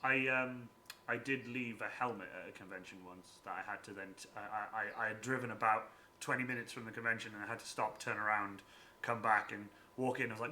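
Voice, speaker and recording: A man chatting on a live stream, telling cosplay stories with lively laughter. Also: medium pitch, fast. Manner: animated storytelling, laughs often. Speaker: Twitch stream host asking cosplay questions. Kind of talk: casual chat.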